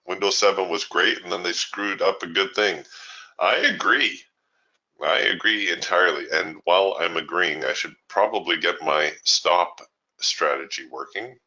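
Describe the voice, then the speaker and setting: A man's voice: low-pitched, moderate pace, bright, forceful tone, lo-fi sound. A man hosting a live trading webinar, chatting casually and with strong opinions as he answers viewer questions, laughing easily.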